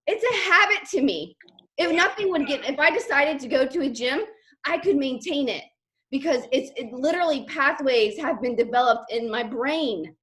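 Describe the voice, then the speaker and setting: A woman leading a team call, talking in a chatty, animated way with lots of fillers. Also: high voice, normal speed. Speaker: team leader on a sales call. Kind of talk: motivational team call talk.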